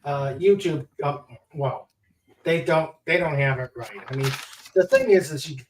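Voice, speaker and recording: A man hosting a casual podcast chat, halting and searching for words. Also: fairly high pitch, a little hiss or hum. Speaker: host. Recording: roomy, distant mic.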